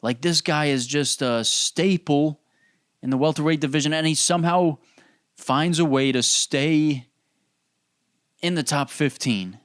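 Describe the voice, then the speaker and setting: A man's voice: on the high side, a little slow, clean tone, dry recording, clean studio sound. A man hosting a podcast, ranting casually in a rambling, profane way full of "dude" and "bro". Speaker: podcast host. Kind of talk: casual solo rant.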